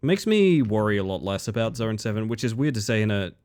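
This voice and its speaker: A man with a somewhat low voice chats casually to his stream audience between game runs. He sounds tired but easygoing, rambling and answering viewers as he plays. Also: fairly quick. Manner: relaxed, chatty, talks to chat between runs. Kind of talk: casual gameplay commentary.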